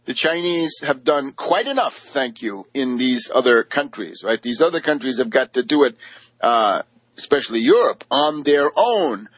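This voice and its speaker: Sarcastic guy ranting about politics, kinda husky voice, dull dry recording. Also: mid-range voice, animated, moderate pace, a bit bright, no echo. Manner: sarcastic, combative, with frequent fillers; mimics opponents in quoted asides. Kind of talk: political commentary monologue.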